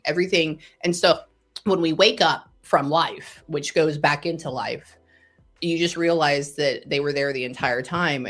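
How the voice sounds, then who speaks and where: A middle-aged woman with a somewhat low voice talks as a psychic medium guest in a relaxed interview. She tells her stories with animation, jumps between excited bursts and quiet asides, and laughs or swears freely when worked up. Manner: animated storyteller, swings between excited and hushed. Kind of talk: casual conversational interview.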